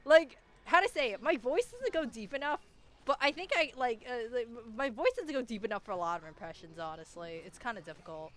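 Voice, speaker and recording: A woman's voice: a little high, lively intonation, brisk, fairly bright tone. A young woman streamer with a nasal voice, chatting casually and rambling with lots of restarts while she plays a game. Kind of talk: casual chat while gaming.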